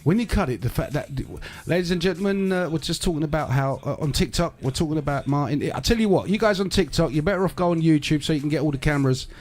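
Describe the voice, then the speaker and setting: Animated, emphatic man hosting a podcast. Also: a little high, quick pace, few pauses, soft background music. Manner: emphatic, animated, rhetorical asides. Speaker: podcast host. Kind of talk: casual chat.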